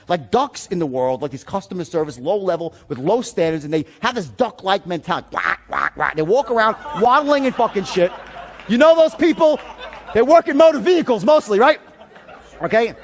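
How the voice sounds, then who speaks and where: High-voiced man telling a rowdy seminar story. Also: brisk. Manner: animated, profane, swings from loud bursts to low asides. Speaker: sales and persuasion trainer.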